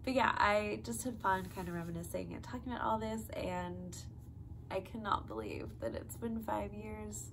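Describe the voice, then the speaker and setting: A woman's voice: mid-range voice, lively intonation, moderate pace, creaky, background noise. Chatty young woman vlogger. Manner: chatty, with many "like" and "um" fillers. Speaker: vlogger, flight attendant. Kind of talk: casual storytelling to camera.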